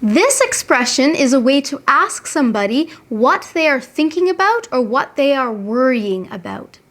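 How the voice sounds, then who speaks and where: A young adult woman, an English teacher, giving a scripted lesson and saying each example phrase slowly and clearly. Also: sits high.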